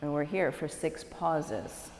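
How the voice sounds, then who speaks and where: A woman, a yoga teacher leading a live class with slow, calm cues and encouraging asides. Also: sits low, slight background noise. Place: yoga studio, large room. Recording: echoey studio recorded live from a distance.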